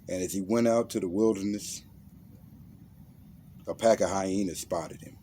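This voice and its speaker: Speaking unhurriedly in a low, mellow, steady voice, a motivational self-defense speaker leads the listener through a visualization. His monologue is blunt and intense, laced with slang and commands, and a faint background noise is audible.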